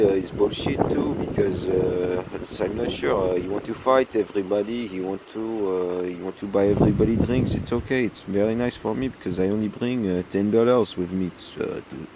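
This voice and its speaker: A hungover, tired man with a French accent talking casually outdoors on a deck, halting and full of fillers and slipping between English and French. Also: on the low side, heavy background noise. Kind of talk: rambling casual vlog.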